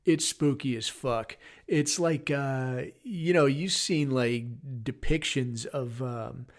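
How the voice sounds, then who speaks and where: A man's voice: mid-range voice, takes it slowly. A middle-aged man hosting a podcast, rambling through a casual, blunt and heavily profane rant. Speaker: podcast host.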